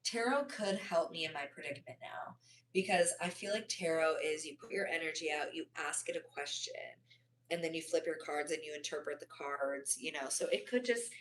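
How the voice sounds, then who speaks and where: A woman's voice: sits low, lively intonation, normal speed, sharp tone. A young woman chatting on a livestream, reading viewers' comments and rambling through stories with lots of fillers and self-corrections.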